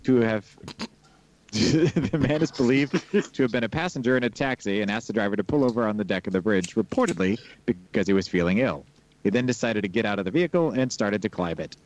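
A man co-hosting a podcast, chatting casually and reading listener emails aloud in a relaxed way. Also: fairly low pitch, brisk, dull audio. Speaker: podcast co-host.

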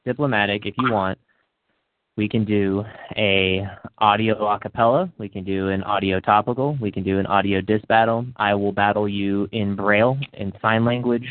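A man's voice: lowish voice, steady tone, normal speed, no room sound. Taunting man over a tinny line. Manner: taunting, cutting insults. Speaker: battle rapper. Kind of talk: podcast banter.

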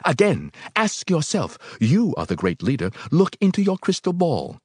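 A man's voice: fairly high pitch, huge pitch swings, normal speed, darkish tone, husky, no room sound, studio quality, voice pushed up, full character voice. A man reading aloud and voicing a domineering male organization leader who turns sarcastic and explosive. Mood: furious sarcastic.

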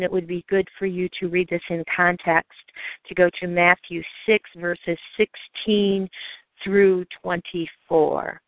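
A woman giving an earnest, measured evening sermon, telling personal stories and slowing down to read scripture. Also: on the low side, no room sound. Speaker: preacher. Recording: dry, phone-like narrow sound.

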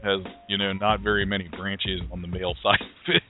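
A man's voice: sits low, flat delivery, brisk. A man co-hosts a crude call-in radio show, profane and mocking, laughing at his own insults. His voice comes through a tinny, phone-like feed. Faint music plays behind him.

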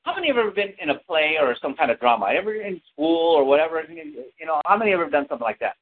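A man's voice: fairly high pitch, big pitch swings, racing. A man preaching a sermon, calling out to the congregation for responses and telling a story from his childhood. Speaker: pastor. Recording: tinny lo-fi with hiss.

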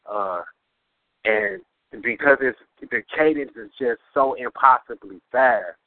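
A man's voice: medium pitch, takes it slowly, no echo. A man who is a guest poet on a radio show, explaining his craft at length in casual talk. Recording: dry, phone-like radio audio.

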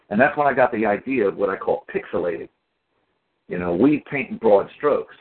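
A man telling stories in a casual community call, animated and acting out the people in them. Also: mid-range voice, brisk. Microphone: phone or call audio. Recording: tinny phone line.

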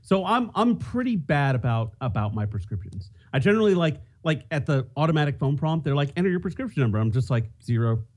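A man's voice: a little high, big pitch swings, fairly quick, few pauses, darkish tone. A man co-hosting a podcast, telling a rambling story in casual chat with many restarts. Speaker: podcast co-host.

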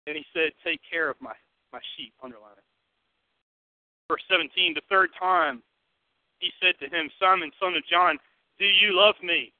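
High-voiced pastor with a thin, boxy sound. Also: male voice, moderate pace, long pauses, no room sound, phone-quality sound. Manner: swings between loud emphatic bursts and hushed asides; conversational, asks the congregation questions. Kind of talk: sermon.

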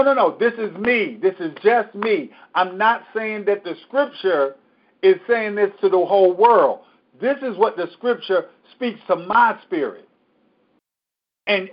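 A man's voice: high-pitched, dull audio. A man teaching a Bible study as pastor, preaching emphatically and repeating scripture.

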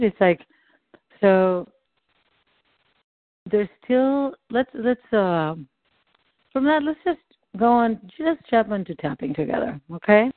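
A woman's voice: fairly high pitch, dry recording. A woman coach guiding a client through a tapping session, encouraging and giving phrases for him to repeat. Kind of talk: guided tapping session over a call. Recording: tinny dry call line.

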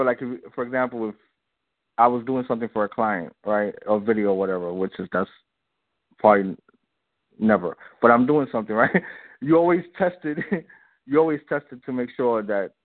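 A man's mid-range voice moves a little fast over a dry, tinny phone connection with no echo. As a filmmaker guest in a casual radio interview, he talks loosely, says the same things more than once, and laughs often.

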